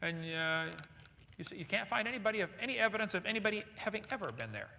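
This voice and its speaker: A man giving a lively seminar lecture to a live audience, firing questions at the crowd. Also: high voice, fast, vocal fry, a little hiss or hum. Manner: animated, asks the audience questions. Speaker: creationist speaker. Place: large hall with audience. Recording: echoey hall recording.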